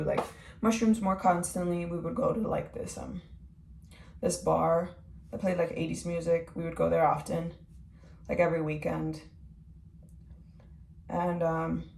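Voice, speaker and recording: A young woman tells her own story in a loose, rambling way, leaning on "like" and "um". Her voice is on the low side with a gravelly edge. She sounds distant, in an echoey room with faint ambient noise. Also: a little mellow. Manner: rambling, heavy use of "like" and "um". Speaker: vlogger. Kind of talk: personal testimony.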